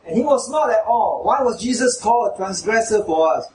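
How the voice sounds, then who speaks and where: A man's voice: sits high, lively intonation, brisk, a little hiss or hum. A man preaching a sermon who asks his listeners questions and raises his voice when he quotes mockers. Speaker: pastor. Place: church hall. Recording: echoey hall, mic from far off.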